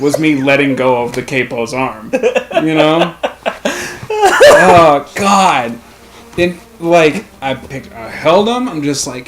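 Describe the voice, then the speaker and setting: A man's voice: fairly high pitch, expressive, takes it slowly, background noise. A young man hosting a let's play, telling rambling stories in casual chat, swearing freely and laughing often. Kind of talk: casual chat over gameplay.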